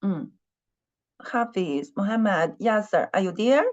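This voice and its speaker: A woman's voice: mid-range voice, lively intonation, unhurried, a little mellow, lo-fi sound. A woman teaching a Chinese class online, patiently repeating her questions and humming while she thinks.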